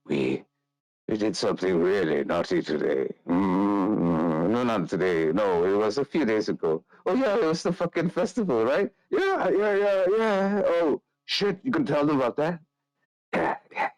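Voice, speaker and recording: A man's voice: fairly low pitch, sing-song, unhurried, a little mellow, no room sound, poor audio. A man voicing a drunk, boastful male tavern brawler who slurs and leers. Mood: conspiratorial. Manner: slurring, boastful, leering.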